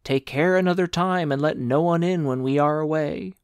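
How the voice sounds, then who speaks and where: A man's voice: fairly high pitch, moderate pace, clean tone, no room sound, close to an everyday voice. A man voicing the seven little dwarfs in a storybook reading, earnest and warning.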